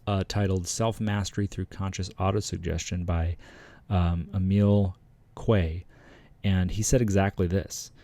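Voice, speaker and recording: Deep, dark-voiced man reading aloud. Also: dry recording. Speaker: self-help channel host. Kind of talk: book reading with commentary.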